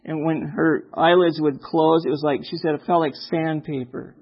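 A man's voice: fairly high pitch, steady tone, normal speed, husky, dull audio. A man giving a personal testimony in a sermon, telling his story and often checking in with the listeners by asking "okay?". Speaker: lay preacher giving testimony.

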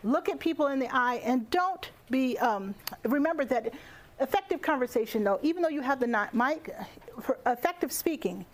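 A woman teaching public speaking to a live audience, animated and playful, laughing often and speaking into a handheld microphone in a lecture room. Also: high voice, normal speed. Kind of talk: lively workshop lecture.

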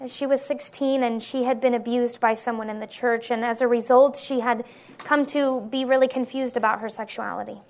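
High-voiced woman giving an earnest sermon. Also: fairly even intonation, moderate pace. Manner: earnest, checks in with listeners by asking "right?". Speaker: Christian speaker. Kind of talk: testimony-style sermon talk to an audience.

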